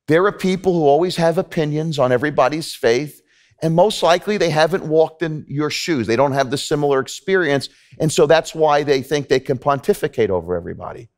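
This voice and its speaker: A man's voice: on the high side, expressive, brisk. Earnest man preaching a sermon. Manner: earnest, conversational preaching with repetitions. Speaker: pastor. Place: church sanctuary.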